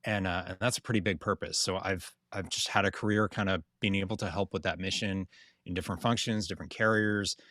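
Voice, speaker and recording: A man with a Boston accent talks as an interview guest, his voice sitting on the lower side. He rambles casually, leaning on fillers as he goes. The sound is dry, with no room around it. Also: steady tone, brisk, fairly bright tone, dry recording. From New England. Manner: loose, rambling, with many fillers. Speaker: guest, insurance consultant.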